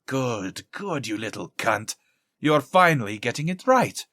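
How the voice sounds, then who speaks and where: A man's voice: medium pitch, very animated, unhurried, sharp tone, no echo, clean studio sound, heavily acted. A man voicing a cruel, dominant woman who hisses vicious threats in a hot whisper.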